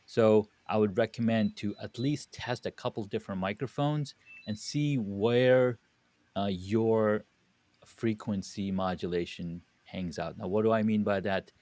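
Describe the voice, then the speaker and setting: A man with a deep voice, a guest on a podcast, explaining studio audio step by step and pausing to find his words. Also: darkish tone. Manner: explanatory, with restarts and searching for words. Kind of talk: podcast conversation.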